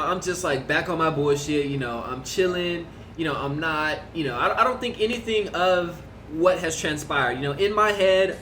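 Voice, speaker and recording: Young guy w a high voice rambling thru a story, lots of "you know" and cussing, faint music under it. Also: a bit bright. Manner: rambling, full of fillers and swearing. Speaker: vlogger. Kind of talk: casual storytelling.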